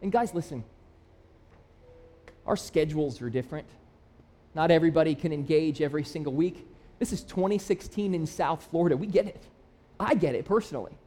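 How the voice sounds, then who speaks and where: Brisk and mellow, on the high side, this pastor's voice carries a conversational sermon. He's in his thirties and from Michigan, and his self-deprecating personal stories build up into emphatic, rising appeals.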